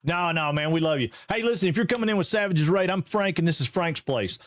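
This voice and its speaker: A man from Georgia with a Southern American accent, hosting a live game stream in casual, upbeat chat and greeting viewers excitedly. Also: fairly high pitch, fast talker, no room sound, studio quality. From Georgia, USA.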